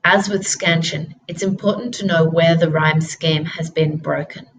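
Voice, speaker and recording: Woman reading out lesson notes, lowish voice, slow and steady. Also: poor audio. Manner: slow, deliberate instructional delivery. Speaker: teacher. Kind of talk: scripted lesson narration.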